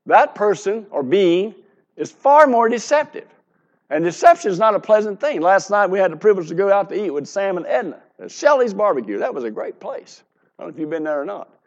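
A man's voice: high-pitched, expressive, a little fast, lo-fi sound. A man in his seventies preaching a sermon in an earnest, conversational way, asking the congregation questions.

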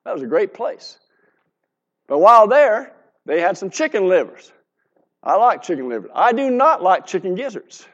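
Earnest older preacher with a high voice. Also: male voice, sing-song, normal speed, dull audio. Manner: earnest, conversational, asks the congregation questions. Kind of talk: sermon.

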